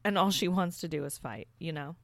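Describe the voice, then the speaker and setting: A woman's voice: sits low, expressive, fairly quick, vocal fry, dry recording. A woman co-hosting a casual podcast recap, laid-back and agreeable, often laughing. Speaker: podcast co-host.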